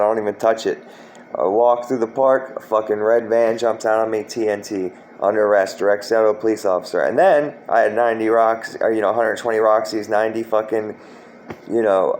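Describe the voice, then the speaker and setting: A man's voice: fairly low pitch, darkish tone, slight background noise, poor audio. A man from Florida telling a story from his past in a rambling, profane way, full of fillers and restarts. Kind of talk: casual spoken storytelling.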